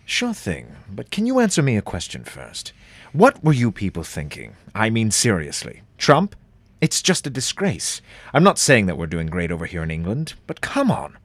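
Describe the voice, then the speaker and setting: A man's voice: on the low side, wildly swooping pitch, normal speed, no echo, full character voice. A man playing a politician guest on a comedy radio interview, ranting in exasperated disbelief.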